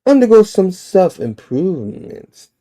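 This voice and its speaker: A man's voice: high-pitched, sing-song, a little slow, dark tone, pitched above the performer's own voice. A man voicing a hulking, menacing male crime boss while retelling a comic, reading the lines casually with small emphasis. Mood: threatening.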